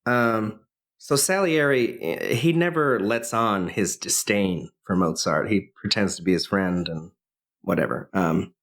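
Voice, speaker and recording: This man's lowish voice has a fairly bright tone and an unhurried delivery. Co-hosting a podcast, he rambles through a casual retelling of a film, with many fillers and restarts.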